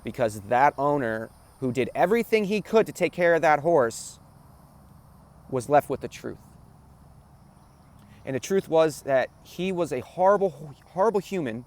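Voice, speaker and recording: A man hosting a spiritual talk tells a personal story with earnest emotion, repeating phrases and often asking the listener "right?" His slightly high, darkish voice is expressive and unhurried, with long pauses.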